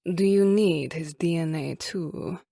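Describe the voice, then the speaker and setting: Sniper Wolf, slow and breathy with a Kurdish accent. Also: female voice, sits low, mellow, no room sound, studio quality, full character voice. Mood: uneasy. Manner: slow, breathy, half-whispered taunting. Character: menacing seductive female enemy sniper, cruel. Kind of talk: audiobook character voice.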